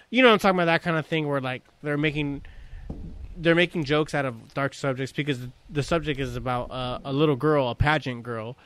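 A man talking casually as a podcast co-host, rambling and animated. His voice is smooth and resonant, sitting at an ordinary pitch for a man. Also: dry recording. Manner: rambling, animated storytelling with many restarts. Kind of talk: casual chat.

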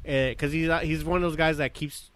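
A man's voice: on the high side, fairly even intonation, a little fast, fairly bright tone, slight background noise. A young man co-hosting a casual chat, rambling through a story and cursing freely. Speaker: podcast co-host.

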